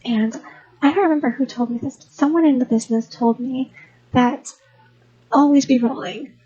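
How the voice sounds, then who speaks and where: A young woman rambles through an unscripted voice-over for her gaming channel, and she often stops to restart her sentences. Her voice sits high, yet it sounds mellow and a little husky. The home mic gives a dull, lo-fi sound. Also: brisk. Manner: rambling, chatty, many restarts.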